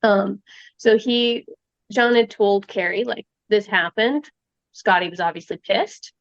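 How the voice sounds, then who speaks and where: A woman's voice: medium pitch, measured pace, no room sound, dull audio. A Canadian woman casually retelling a true-crime story, acting out the quotes with lots of fillers. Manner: chatty, acts out quotes, many fillers. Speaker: storyteller guest.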